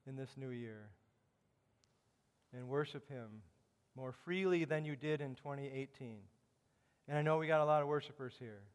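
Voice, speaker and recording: A male pastor, preaching a sermon in a church and swelling louder whenever he quotes scripture. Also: fairly high pitch, smooth. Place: church sanctuary. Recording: long church hall reverb.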